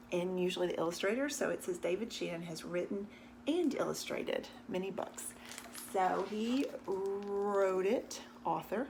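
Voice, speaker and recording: A woman teacher reading a picture book aloud to her class, animated and often stopping to ask the children questions. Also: fairly low pitch, creaky, a little hiss or hum.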